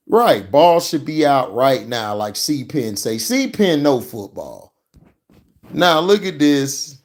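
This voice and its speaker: A man's voice: mid-range voice, very animated, slow, long pauses. A man ranting and reacting to football footage in a heated, profane, mocking way. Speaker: sports commentary vlogger.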